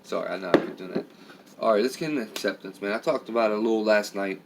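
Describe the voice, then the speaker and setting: A man's voice: lowish voice, fast, gravelly. A man speaking casually and candidly, confessing about his past and tagging sentences with "man" and "okay". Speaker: channel host. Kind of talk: casual talk to camera. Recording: distant mic with faint ambient noise.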